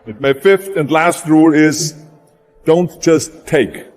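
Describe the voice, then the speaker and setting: A man's voice: on the high side, takes it slowly, a little mellow. A man with a German accent giving a motivational speech, emphatic and repeating words for punch. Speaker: motivational speaker. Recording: long hall reverb with music behind.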